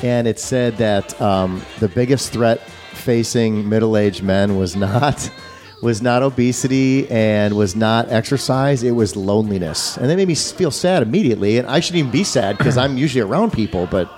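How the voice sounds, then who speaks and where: A man's voice: medium pitch, expressive, moderate pace, darkish tone, faint music behind. A man co-hosting a podcast on location, chatting casually in a rambling way, full of restarts. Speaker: podcast co-host. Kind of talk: casual banter. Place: on location, remote broadcast.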